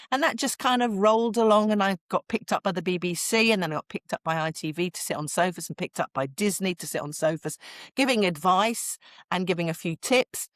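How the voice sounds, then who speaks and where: Lively low-voiced British woman. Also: dry recording, studio quality. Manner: animated, expressive storyteller who laughs often. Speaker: parenting expert guest. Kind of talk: podcast interview.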